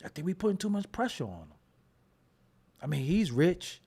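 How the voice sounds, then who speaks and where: A man's voice: high voice, big pitch swings, normal speed, darkish tone, breathy edge. A man hosting a casual commentary show, joking and riffing in slangy with frequent laughs. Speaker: host.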